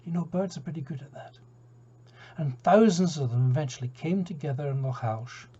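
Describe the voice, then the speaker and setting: A Scottish storyteller tells a folk tale aloud in a chatty way, tossing asides to his listeners. His mid-range voice is dark and slightly rough, and the recording is dull and lo-fi.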